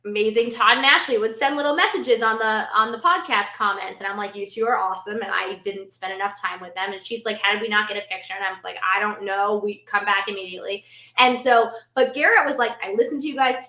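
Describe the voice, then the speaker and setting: A woman co-hosting a podcast, chatting casually with playful teasing and quick quips. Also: mid-range voice, steady tone, sharp tone, reverberant. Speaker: podcast co-host. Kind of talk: casual chat.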